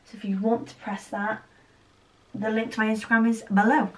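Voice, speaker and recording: A young woman gushing with excitement as she opens parcels in a casual vlog, full of fillers and exclamations. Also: fairly high pitch, a little fast, slight background noise. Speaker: stationery vlogger. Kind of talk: unboxing vlog.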